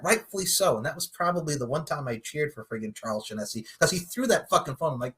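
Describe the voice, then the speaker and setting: A man's voice: on the high side, expressive, fast, few pauses, fairly bright tone, breathy edge. A man co-hosting a podcast, casually recapping a movie with lots of laughter and offhand swearing. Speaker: podcast co-host.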